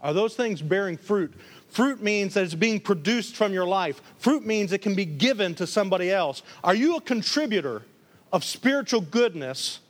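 Pastor, male, from around Detroit; higher voice, animated sermon delivery. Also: moderate pace. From Detroit area. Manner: animated preaching, acts out voices in stories.

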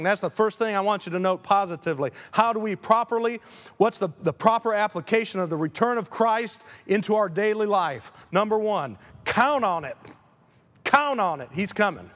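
A man preaching a sermon as pastor, animated, swinging between loud emphasis and quiet asides. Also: high voice. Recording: long hall reverb.

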